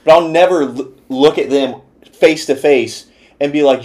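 A man's voice: fairly high pitch, sing-song, fairly quick. A man co-hosting a casual sports podcast, talking profanely and repeating his point. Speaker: podcast co-host.

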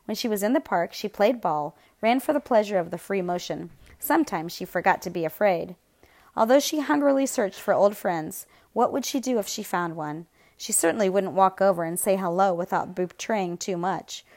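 A woman reading an audiobook in a measured, even storytelling manner. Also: medium pitch. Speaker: audiobook narrator. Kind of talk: scripted narration.

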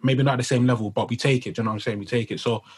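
Husky-voiced excited man chatting football. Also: medium pitch, very fast, poor audio. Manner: excited, chatty, lots of fillers like "man" and "I can't lie". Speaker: podcast co-host. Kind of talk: casual football podcast chat.

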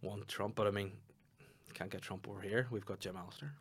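A man's voice: on the low side, a little fast, slight background noise. A young Northern Irish man, a comedian, chatting on a podcast and telling stories with acted-out quotes. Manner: animated storytelling, acting out quotes. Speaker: stand-up comedian and podcast co-host. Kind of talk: casual podcast chat.

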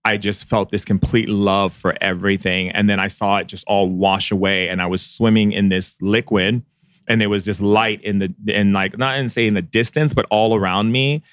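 Man, podcast guest, very low voice, even and flat delivery, dry close sound. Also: dry recording. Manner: slow, reflective, many pauses and fillers. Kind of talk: personal storytelling in a podcast interview.

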